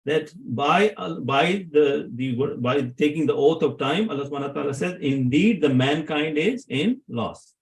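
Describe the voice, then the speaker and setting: A man teaching a grammar lesson to a room of students. His voice sits a little higher than most men's, and he keeps stopping to ask whether everyone follows. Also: expressive, normal speed, few pauses, poor audio. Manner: checks in with students, asks questions.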